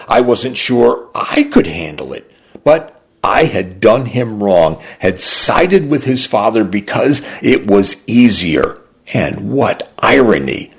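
A man reading a literary short story aloud for a radio program, slow, deliberate and expressive. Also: fairly low pitch, gravelly, breathy edge.

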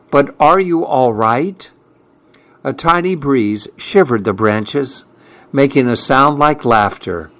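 A man reading a children's storybook aloud in a gentle, unhurried, expressive way. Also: medium pitch.

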